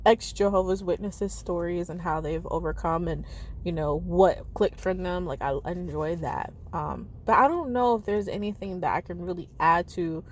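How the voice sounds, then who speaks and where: A woman's voice: on the low side, moderate pace, a little hiss or hum. A woman in her thirties talking casually to camera, chatty and candid, with lots of "like" and "you know". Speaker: vlogger.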